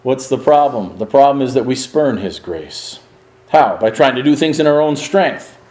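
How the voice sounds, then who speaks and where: A man preaching a sermon in an earnest, emphatic way, swinging his pitch and pace to stress his points. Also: expressive, moderate pace, a little mellow, reverberant, low-quality recording.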